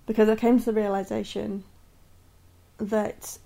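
A woman's voice: mid-range voice, level tone, a little slow, gravelly. A woman in her thirties speaking candidly and earnestly in a personal podcast monologue. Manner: candid and earnest, many restarts and soft laughs. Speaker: podcast host.

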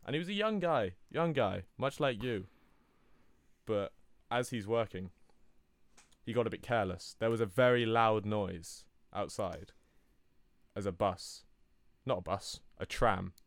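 A man telling an improvised comic story in a rambling, deadpan way, correcting himself as he goes. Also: fairly low pitch, measured pace, pauses often, no room sound. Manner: rambling, deadpan, self-interrupting.

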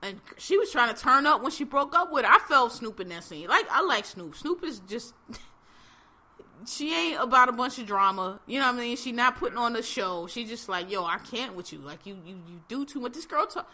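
A woman's voice: fairly high pitch, expressive, normal speed, sharp tone. A woman hosting a podcast, recapping reality TV in a blunt, laughing, slang-heavy casual chat. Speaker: podcast host.

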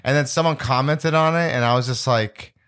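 A man's voice: mid-range voice, brisk, fairly bright tone, clean tone. Man, comedy podcast co-host, rambling and blunt, swears a lot, mid-range voice. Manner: rambling, blunt, swears freely, laughs often. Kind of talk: casual comedy podcast chat.

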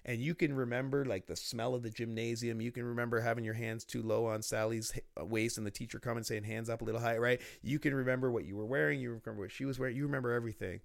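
A man talking as a guest in a casual interview, telling lively stories about business and laughing often. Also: medium pitch, quick pace, vocal fry, hardly any pauses, no room sound, studio quality. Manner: storytelling, animated, laughs often.

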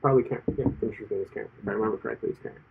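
Husky man, rambling chat, tinny audio. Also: fairly low pitch, very fast. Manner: rambling, frequent "like" fillers, recounts stories with quoted voices. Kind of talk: casual chat.

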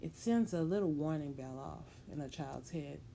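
A woman telling a story in a measured, plain-spoken way, in the present tense. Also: low-pitched, vocal fry, dark tone, slight background noise.

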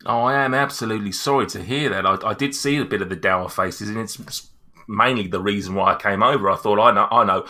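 A clumsy, overeager tavern local who stammers through every sentence and can't stop apologizing, as a man acts him out. The voice sits a little low but comes across bright and forceful. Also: fast talker. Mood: eager. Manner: stammering, apologetic, eager to please.

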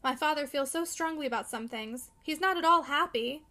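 A woman reading the part of an earnest young woman who speaks with sorrowful gentleness. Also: high-pitched, fast talker. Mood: gentle. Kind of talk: audiobook character reading.

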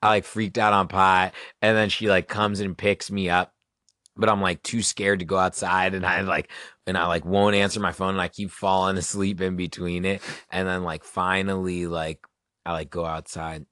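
A man's voice: low voice, normal speed, no room sound, clean studio sound. A man, a music producer and songwriter as a guest, telling a rambling story in casual conversation, full of "like" and restarts, acting scenes out now and then. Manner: rambling, heavy use of "like", many restarts; animated, acts out scenes with loud yelling.

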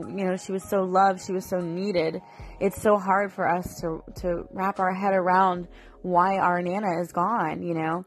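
A woman's voice: mid-range voice, fairly even intonation, normal speed, faint music behind. A woman in her thirties telling a personal family story to her viewers, emotional and rambling, full of fillers and restarts. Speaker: mother vlogger.

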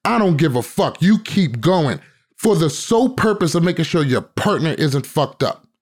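A man's voice: fairly high pitch, very animated, moderate pace. A man hosting a podcast, ranting emphatically and swearing freely in casual chat. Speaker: podcast host.

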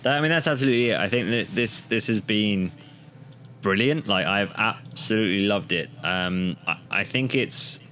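A man co-hosting a podcast in casual chat, relaxed and agreeable, with lots of hesitant fillers. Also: fairly low pitch, moderate pace, slight background noise. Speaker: podcast co-host.

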